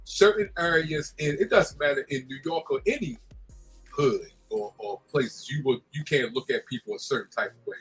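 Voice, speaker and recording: A man's voice: mid-range voice, moderate pace, fairly bright tone, slightly rough, soft background music, rough recording. A man on a casual podcast, easygoing and agreeing with the others. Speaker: podcast co-host.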